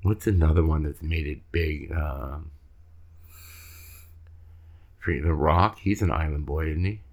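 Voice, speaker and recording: A man with a very low voice talking loosely on a podcast. He rambles in a relaxed way and lets his sentences trail off. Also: unhurried. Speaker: podcast co-host. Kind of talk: casual chat.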